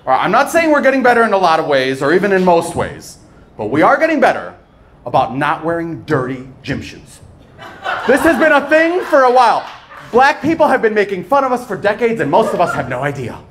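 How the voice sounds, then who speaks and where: Lively higher-voiced male stand-up comic. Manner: animated, playful delivery with pauses for laughs. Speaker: stand-up comedian. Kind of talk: live stand-up set. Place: comedy club stage. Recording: noisy live club recording.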